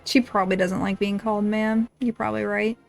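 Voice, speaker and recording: A woman streaming a game, reacting in excitable, foul-mouthed casual commentary. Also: mid-range voice, a little fast, gravelly, soft background music. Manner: excitable, swearing, laughing reactions.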